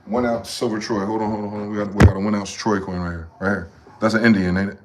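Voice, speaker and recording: Brief: deep-voiced male livestream host, agitated profane monologue that spikes into shouting. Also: level tone, heavy background noise. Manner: ranting and profane, with sudden high-pitched shouted outbursts; repeats words in rapid chains.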